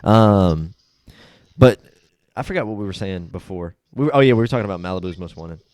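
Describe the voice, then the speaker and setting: A young man hosts a casual podcast in a low, relaxed voice that swings widely in pitch as he gets going. He's blunt and swears easily. The sound is dry and close, with no room around it. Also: a little fast, no room sound. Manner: laid-back, blunt, swears freely, animated when retelling. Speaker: podcast host. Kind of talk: casual chat.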